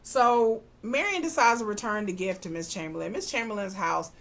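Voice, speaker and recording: A woman recaps a TV drama in a loose, chatty way. Her voice sits at a middling pitch, and she jumps into the characters' lines with slang asides. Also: normal speed, fairly bright tone, slight background noise. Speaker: podcast host recapping a TV drama. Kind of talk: casual recap chat.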